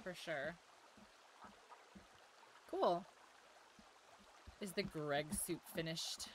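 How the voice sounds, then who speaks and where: A woman's voice: fairly low pitch, very slow, slight background noise. A woman streaming a game, chatting casually, laughing often and fighting off the hiccups. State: has the hiccups. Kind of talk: casual gameplay chat.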